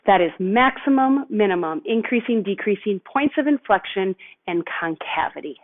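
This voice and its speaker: A woman's voice: medium pitch, animated, moderate pace. A woman teacher walking through a math lesson step by step, patient and thinking aloud. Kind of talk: recorded lesson walkthrough. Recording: tinny phone-like audio.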